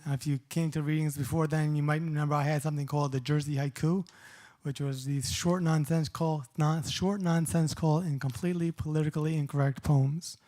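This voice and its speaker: A middle-aged man giving a poetry reading at a live event, reading short poems and explaining them in a casual, halting way. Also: a little high, little pitch movement, warm tone. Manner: halting, many restarts and fillers when explaining.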